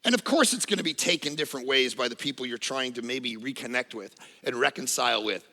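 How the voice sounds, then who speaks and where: Pastor guy preaching, gravelly voice, chatty funny stories, lots of church hall echo. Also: medium pitch, quick pace. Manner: lively conversational storytelling with humor. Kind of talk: sermon. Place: church auditorium.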